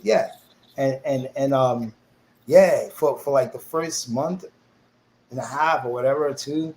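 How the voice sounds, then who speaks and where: A man's voice: medium pitch, slight background noise, poor audio. A middle-aged man, telling his life story as an interview guest and acting out the voices of people he quotes. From New York, USA. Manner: animated storyteller who acts out quoted voices.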